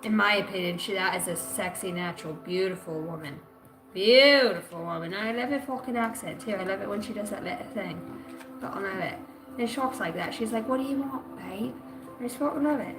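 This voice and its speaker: A woman's voice: mid-range voice, quick pace. Woman, live-stream intuitive reading, rambling, swearing, slangy, echoey room, music underneath. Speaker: spiritual reader.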